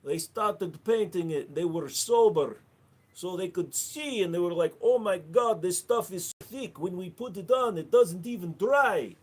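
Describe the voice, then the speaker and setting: A man's voice: high voice, expressive, measured pace, breathy edge, pitched above the performer's own voice, full character voice. A man doing a mock Russian joker. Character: gruff joking Russian man.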